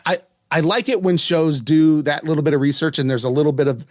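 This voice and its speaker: A man's voice: a little high, brisk, no room sound, clean studio sound. A man from West Virginia hosting a podcast, chatting casually and amusedly, spelling words out letter by letter. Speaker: podcast host. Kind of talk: casual chat.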